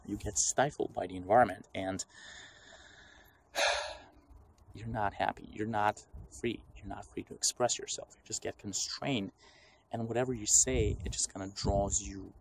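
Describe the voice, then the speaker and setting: A man's voice: on the low side, measured pace, creaky, pauses often, a little hiss or hum, low-quality recording. A man delivering an unscripted, rambling rant full of swearing, often acting out what other people say. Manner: rambling, profane, animated, acts out quotes.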